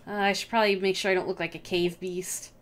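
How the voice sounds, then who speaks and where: A woman's voice: lowish voice, level tone, quick pace, natural voice. A woman voicing an awkward, anxious young college dropout who talks in a nervous, self-deprecating way.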